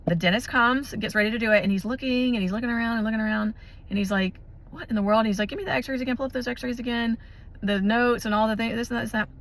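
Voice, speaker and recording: A woman vlogger with a fairly high voice speaks fast as she shares a personal faith testimony with her viewers. She's chatty and animated, restarting often and using lots of fillers.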